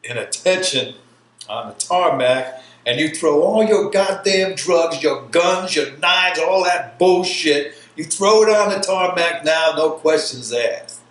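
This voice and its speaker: A man's voice: a little high, animated, slow, voice pushed up. A man voicing a furious male army drill sergeant who barks curses and orders, in a roomy space. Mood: barking. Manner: yelling, cursing, abusive.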